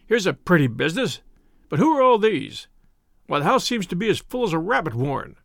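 A man puts on a stout, pompous police inspector who blusters with smug self-satisfaction. The voice is muffled, husky and wheezing, with a gravelly edge and lively swoops of pitch, recorded dry and close. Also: brisk, no echo, full character voice. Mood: blustering.

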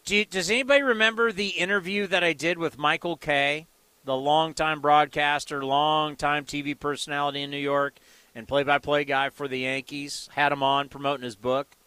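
A man hosting a sports radio show, talking in an excitable way, asking rhetorical questions and acting out quotes. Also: on the high side, moderate pace, clear, resonant tone, no room sound. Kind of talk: animated sports talk commentary.

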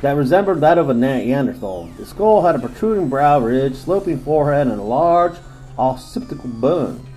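A man's voice: mid-range voice, animated, normal speed, darkish tone, low-quality recording. A man co-hosting a casual podcast, reading monster legends aloud in a crude, joking way and laughing often. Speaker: podcast co-host.

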